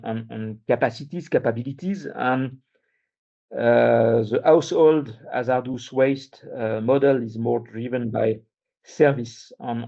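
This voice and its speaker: A man gives a workshop talk, stopping often on fillers and restarting his sentences. His voice is gravelly and mellow. The recording sounds dull and muffled, as from a conference room. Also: mid-range voice. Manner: halting, many fillers and restarts. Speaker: conference speaker. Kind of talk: presentation at a workshop.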